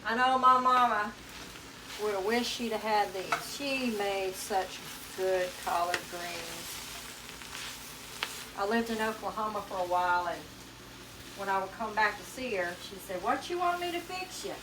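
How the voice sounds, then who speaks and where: A woman's voice: mid-range voice, steady tone, measured pace, long pauses, noisy background. Chatty Southern woman cooking at the stove. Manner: chatty, homey, talks while stirring and cooking. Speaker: cooking channel host. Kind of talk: casual cooking demonstration. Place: borrowed home kitchen, indoors. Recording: echoey kitchen, distant mic, sizzling pan. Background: frying and sizzling from the stove.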